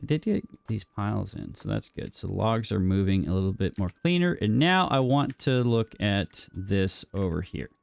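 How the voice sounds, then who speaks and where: There's a smooth, gravelly quality to this fairly low male voice, which swings widely in pitch at a normal speed with few pauses, recorded dry. As a gaming streamer, he chats casually through his building, thinking out loud and joking around with himself and the game.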